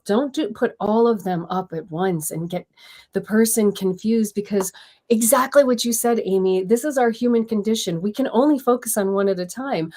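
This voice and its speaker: A woman co-hosting a casual podcast, speaking expressively and emphatically with lots of inflection. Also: a little high. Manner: expressive, emphatic, talks with her hands. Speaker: podcast co-host.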